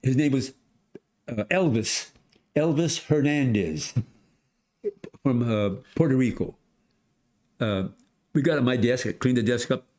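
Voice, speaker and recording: Centenarian male guest, lively storyteller, mid-pitched, plays the other people's lines. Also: measured pace, long pauses. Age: 100s. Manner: animated storyteller, acts out voices, many restarts. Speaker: podcast guest. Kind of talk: storytelling in casual conversation.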